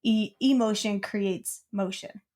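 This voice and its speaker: A woman's voice: medium pitch, fairly even intonation, slow pace, a little mellow. A young woman co-hosting a podcast, telling a childhood story in casual chat, rambling with lots of "like.". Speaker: podcast co-host.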